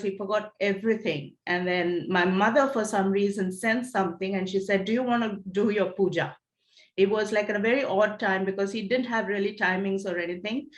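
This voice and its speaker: A woman in a class earnestly sharing a personal story, her voice moved with emotion. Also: medium pitch. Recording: echoey room.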